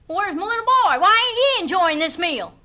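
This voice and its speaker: A woman voicing a simple country father, exclaiming loudly. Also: extremely high pitch, big pitch swings, normal speed, voice pushed up, heavily acted. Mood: puzzled.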